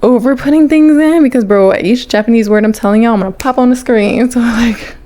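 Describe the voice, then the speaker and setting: A young woman with a somewhat high voice chats casually to her vlog camera. She rambles along, peppering her talk with "like" and the odd swear word. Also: brisk, warm tone. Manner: chatty, rambling, fills with 'like', casual swearing. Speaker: vlogger.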